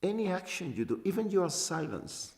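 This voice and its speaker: A man giving a spiritual talk as a teacher, halting and repeating short phrases for emphasis. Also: sits high, sing-song, gravelly, darkish tone. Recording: long hall reverb.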